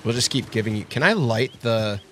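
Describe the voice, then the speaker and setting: A man hosting a casual gaming livestream, reacting with quick excited exclamations. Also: medium pitch, heavy background noise. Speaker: streamer host.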